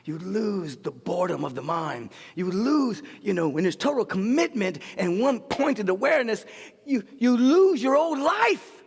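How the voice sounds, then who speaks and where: Man preaching, very high pitched voice, rhythmic repeating cadence, long echoing hall reverb. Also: animated, unhurried, creaky, slightly rough. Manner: impassioned preaching, swinging from shouts to hushed murmurs. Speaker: spiritual leader. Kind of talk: sermon. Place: large spiritual center sanctuary.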